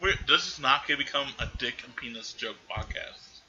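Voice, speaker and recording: A man's voice: mid-range voice, expressive, brisk, pushed and bright, lo-fi sound, a little hiss or hum. A man hosting a podcast, casually recapping a film and rambling through quoted lines. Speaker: podcast host.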